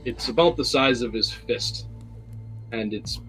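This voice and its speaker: A male game master who describes the scene in a rambling, hesitant way, full of fillers and restarts. His voice sits at a middle pitch. Faint music plays underneath. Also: measured pace, pushed and bright, rough recording. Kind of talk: narrating a tabletop game.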